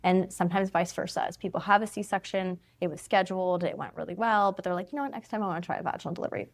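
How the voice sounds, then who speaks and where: Fast-talking woman physician explaining clearly. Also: fairly low pitch. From Canada. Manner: explanatory, fast, laughs easily. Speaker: family physician guest. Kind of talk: interview conversation.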